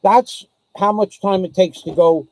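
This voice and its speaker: A man's voice: high-pitched, a little slow, a little mellow, no room sound, low-quality recording. A man vlogging to camera, ranting with sarcasm in a casual way.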